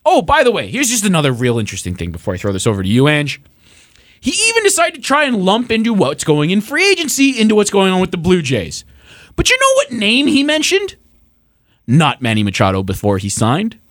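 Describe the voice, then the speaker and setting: A man's voice: high-pitched, huge pitch swings, fairly quick, fairly bright tone, dry recording, clean studio sound. A young man co-hosting a sports podcast, ranting sarcastically and swearing as he builds up heat. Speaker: podcast co-host. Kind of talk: casual sports podcast rant.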